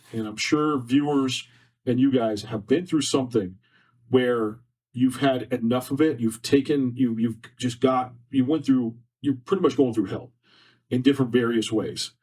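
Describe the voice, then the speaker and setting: A man's voice: mid-range voice, moderate pace, a little mellow, slightly rough. A man on a podcast, sharing a personal story in an earnest, repetitive, emotional way. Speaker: podcast guest. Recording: distant mic from faulty setup.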